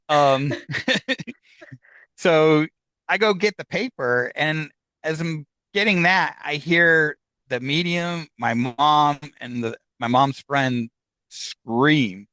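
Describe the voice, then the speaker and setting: A man, a podcast guest, telling a story in a casual, animated way and acting out the dialogue with laughs between lines. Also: a little high, dry recording, poor audio.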